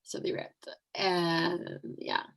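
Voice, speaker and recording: A woman's voice: fairly low pitch, huge pitch swings, slow pace, creaky, poor audio. A young woman telling a rambling storytime over a video call, packed with "like" and giggles. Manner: rambling, fillers like "like" a lot, giggly. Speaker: vlogger. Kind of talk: casual storytime.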